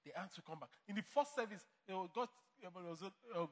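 Preaching to a church congregation, this pastor speaks fairly quickly in a high voice, emphatic and playing out imagined responses. The large hall gives the sound space, and there's a little hiss or hum.

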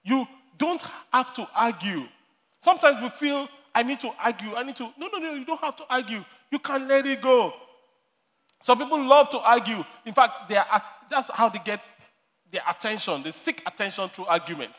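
A man's voice: very high voice, expressive, moderate pace, fairly bright tone. A man preaching a sermon, telling stories with frequent laughter and repeating his main points. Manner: storytelling with laughter, repeats key lines. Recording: long hall reverb.

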